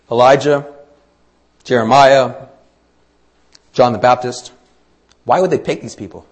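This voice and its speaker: Guy preaching a sermon, mid pitch, chatty with lots of uhs and restarts. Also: a little mellow. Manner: conversational preaching with fillers and restarts. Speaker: pastor.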